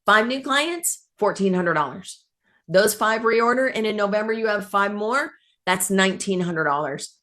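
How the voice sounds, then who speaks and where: Upbeat woman pitching sales. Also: expressive, normal speed, fairly bright tone. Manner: upbeat, persuasive, folksy. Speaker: sales coach on a recruitment call.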